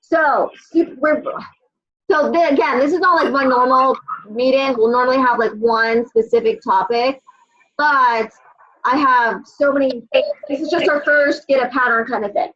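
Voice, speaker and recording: Blunt, high-voiced woman leading a team call. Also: steady tone, normal speed, fairly bright tone, dull audio. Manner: blunt, swears, tough-love pep talk. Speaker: sales team leader. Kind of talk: casual motivational team call.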